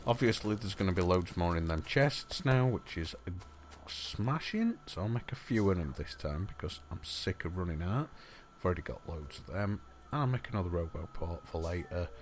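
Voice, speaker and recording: A man's voice: on the low side, a little hiss or hum. A man giving casual gameplay commentary as a let's play host, chatty and muttering asides to the objects on screen.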